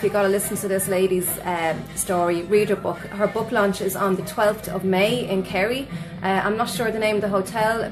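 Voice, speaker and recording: Chatting away on a live radio show, this Irish woman, a sleep coach, is effusive and bubbly, laughing frequently and sending shout-outs to viewers. She speaks at a medium pitch, and the audio quality is poor.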